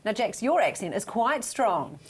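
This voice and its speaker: Kiwi woman TV host, lively intonation, upbeat presenter. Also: medium pitch, unhurried, a crowd in the background. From New Zealand. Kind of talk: TV panel hosting.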